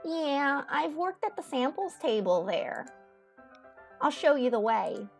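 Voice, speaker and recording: A woman voicing a calm young male pigeon in a game, reassuring and laid-back. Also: high voice, slow, creaky, faint music behind, voice pushed up, heavily acted. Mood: easygoing.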